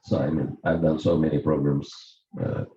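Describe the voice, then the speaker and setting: Russian-accented man, slow mellow delivery, preaching in an echoey home, dull lo-fi recording. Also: a bass voice, flat delivery. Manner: slow, deliberate anecdote with light chuckles. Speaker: visiting monk giving a scripture class. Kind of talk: storytelling sermon. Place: home gathering indoors. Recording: roomy, dull lo-fi room recording.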